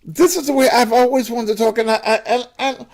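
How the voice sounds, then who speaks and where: A nervous young son with a high, breathy, pleading voice, as a man puts him on. The voice sits very high and runs quick and fluttery, timid and effeminate in manner. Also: steady tone, a little mellow.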